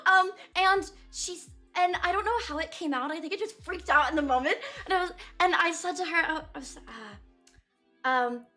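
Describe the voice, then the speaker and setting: High-voiced young woman streamer telling a story. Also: brisk. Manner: rambling, lots of fillers and voiced quotes of others. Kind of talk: casual storytelling to stream chat. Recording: lo-fi music playing softly behind.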